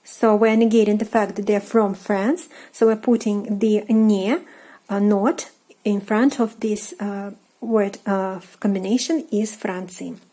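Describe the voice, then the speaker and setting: Slow, careful Russian-accented woman teacher. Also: medium pitch, fairly even intonation, dark tone, low-quality recording. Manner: slow and careful, many ums and uhs, repeats example phrases. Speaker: language teacher. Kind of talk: lesson explaining grammar while writing.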